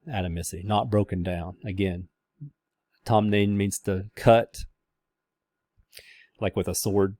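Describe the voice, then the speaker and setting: A man's voice: sits low, fairly even intonation, a little slow, pauses often, mellow, dry recording. A man lecturing a class in a casual, rambling way, with many fillers and restarts.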